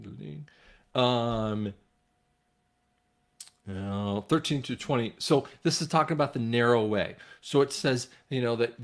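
A man giving informal Bible teaching, rambling with restarts and retelling scripture in a casual, conversational way. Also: medium pitch.

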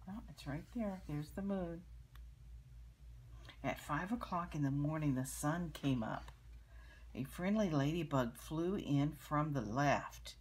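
An older woman reading a picture book aloud to children, gently pointing out the pictures and explaining them as she goes. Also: low-pitched, expressive, takes it slowly, a little hiss or hum.

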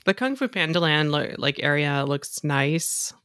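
A man's voice: on the high side, animated, a little slow, sharp tone, clear, resonant tone, no room sound, studio quality. A middle-aged man hosting a podcast in casual chat, talkative and self-amused, laughing often. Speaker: podcast host.

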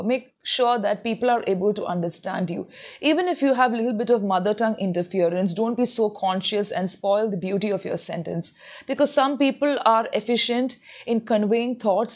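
A woman giving earnest advice in a spoken lesson, repeating words to model how they sound. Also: medium pitch. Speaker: English tutor. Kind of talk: spoken English lesson to camera.

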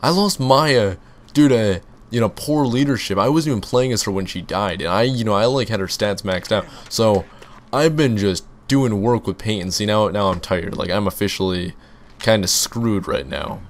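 Excitable young man narrating gameplay. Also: lowish voice, normal speed. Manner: excitable, rambling, panicky outbursts. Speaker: gaming YouTuber. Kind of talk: let's play commentary.

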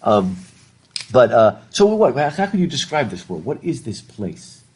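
A middle-aged man lectures a live class, his voice slightly husky and breathy. He rambles and often trips over repeated words, breaking off to put questions to the students. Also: mid-range voice, very animated, measured pace. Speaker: literature professor. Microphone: worn mic while masked.

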